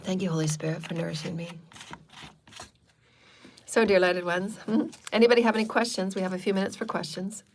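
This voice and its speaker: A woman's voice: on the low side, steady tone, brisk, long pauses, a little hiss or hum. A woman hosting a live channeled spiritual talk, speaking in repetitive, chant-like affirmations and loose, chatty asides. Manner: chatty and loose, with frequent fillers.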